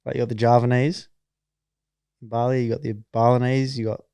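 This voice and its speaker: Aussie podcast co-host, warm voice, dry mic, loose sweary chat. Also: male voice, mid-range voice, little pitch movement, brisk, smooth, no room sound. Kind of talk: casual chat.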